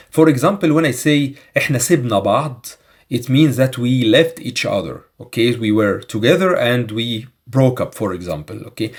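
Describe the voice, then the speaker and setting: A man whose first language is Egyptian Arabic, teaching phrases from a film scene and repeating them slowly and carefully. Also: mid-range voice, a little mellow. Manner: slow careful repetition.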